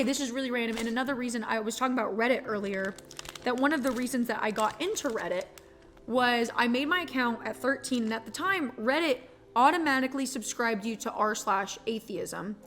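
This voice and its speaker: A woman's voice: on the high side, fairly bright tone, slight background noise. A young woman streamer chatting casually while playing a game, swearing freely and rambling through stories.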